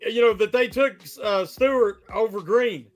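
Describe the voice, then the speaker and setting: Very high-voiced hesitant man, guest on a sports podcast. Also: moderate pace. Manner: hesitant, full of fillers. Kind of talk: casual sports chat.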